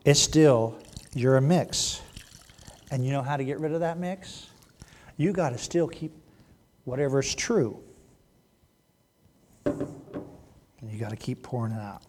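A man preaching a sermon in a church, joking and teasing, then dropping to a hushed voice. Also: mid-range voice, slow, long pauses, background noise. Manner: playful, teasing, swings from loud to hushed. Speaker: pastor. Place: church sanctuary.

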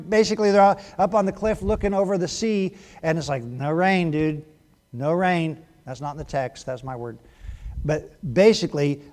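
A male pastor giving a sermon in a conversational way, moving between hushed moments and animated bursts. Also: a little high.

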